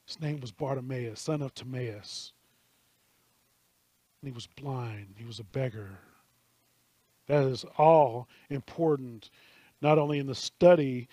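A man's voice: mid-range voice, darkish tone, no room sound. A man preaching a sermon earnestly, repeating words when he stresses a point and briefly acting out what people in the story say.

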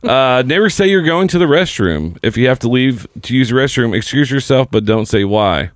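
A man's voice: medium pitch, lively intonation, fairly quick, no room sound. A man co-hosting a casual chat, reading a list aloud with joking, swearing asides. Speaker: co-host.

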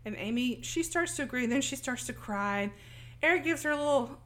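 Animated woman recapping a film. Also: sits high, fairly quick. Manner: animated, acting out characters' lines. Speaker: podcast co-host.

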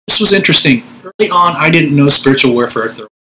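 A man's voice: a little high, animated, fast, pushed and bright, slight background noise, poor audio. A middle-aged man, a Pentecostal minister, teaching spiritual warfare in a conversational preaching style, acting out prayers in a commanding voice.

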